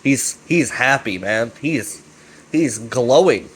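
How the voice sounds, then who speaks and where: A man rambling through a recap in a casual, chummy way, full of swearing and filler words. His voice sits at an ordinary mid pitch for a man. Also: expressive, slow, husky, poor audio. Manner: profane, filler-heavy, chummy. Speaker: channel host recapping a web series.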